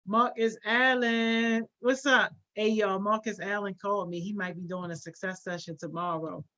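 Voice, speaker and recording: A woman hosting a live stream, talking casually and greeting viewers one by one with slangy encouragement. Her voice sits at a middle pitch for a woman. The audio is a little dull and lo-fi. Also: fairly even intonation, moderate pace, bright, forceful tone. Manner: upbeat, greets viewers by name, slangy with "baby" and "yo"; encouraging, motivational. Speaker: host of a youth program livestream.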